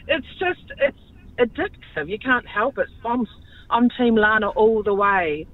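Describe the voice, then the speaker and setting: A woman's voice: fairly high pitch, big pitch swings, measured pace, no room sound. A woman calling in to a radio show, chatting cheerfully. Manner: cheerful, laughing. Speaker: caller. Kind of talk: phone-in chat. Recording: thin dry phone line.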